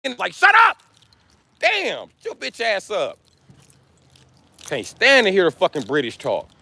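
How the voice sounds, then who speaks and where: A man's voice: high voice, huge pitch swings, unhurried, gravelly, sharp tone, no room sound. A man in his forties from the United States, ranting on a livestream, blunt and cursing nonstop. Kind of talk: profane rant to a live stream.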